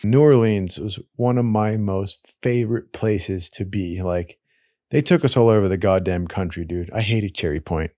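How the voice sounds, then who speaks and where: A man with a fairly low voice tells wild stories at a moderate pace, rambling casually with profanity, slang, and asides. He's animated and keeps saying "dude." The recording is dry and studio quality.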